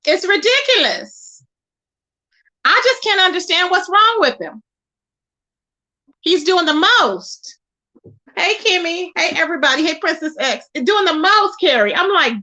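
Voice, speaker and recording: A woman hosting her own livestream, venting indignantly with a high, bright voice. She repeats her points and calls people out by name. She sounds tired as she goes on. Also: big pitch swings, unhurried, long pauses. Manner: indignant, repetitive, calling out by name. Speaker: livestream host. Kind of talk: ranting live stream commentary.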